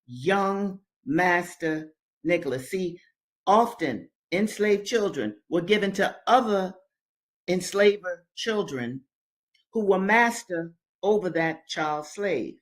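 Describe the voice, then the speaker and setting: A woman reads a slave narrative aloud, breaking off often to explain it, and she speaks straight to her listeners. Her delivery is slow and emphatic. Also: mid-range voice, expressive. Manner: emphatic, talks directly to listeners. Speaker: reader and commentator.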